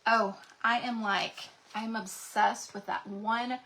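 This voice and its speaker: A woman's voice: fairly high pitch, fairly even intonation, slow, pushed and bright, slight background noise, rough recording. A woman hosting a craft livestream, chatting and gushing to viewers, her voice cracking from a sinus infection. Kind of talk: casual livestream chat to viewers.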